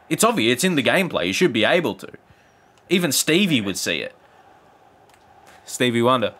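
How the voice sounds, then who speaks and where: A man commentates his own football game run in a gaming video, venting frustration at the game in a sarcastic tone. His pitch sits in the middle of the male range but leaps high on sudden excited calls. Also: normal speed, long pauses. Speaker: gaming YouTuber. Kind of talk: gameplay commentary.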